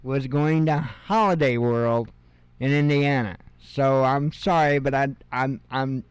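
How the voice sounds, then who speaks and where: A man in his fifties reads out news headlines one after another, stopping to toss in sarcastic, chuckling remarks. He talks slowly and unhurriedly, and his voice comes through smooth and clear, recorded dry and close to the mic. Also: mid-range voice, no echo. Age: 50s. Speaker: news show host. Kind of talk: casual headline reading with commentary.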